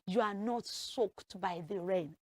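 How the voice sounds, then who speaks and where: A woman teaching English usage, acting out everyday scenes with lively voices. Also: medium pitch, slow pace, no room sound. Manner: animated, acts out everyday scenes. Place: television studio.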